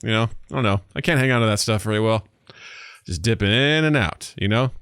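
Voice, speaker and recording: A man co-hosting a comedy podcast in casual chat, animated and playful, keeps slipping into silly voices. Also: lowish voice, fairly quick, clear, resonant tone, no echo, studio quality. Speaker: podcast co-host.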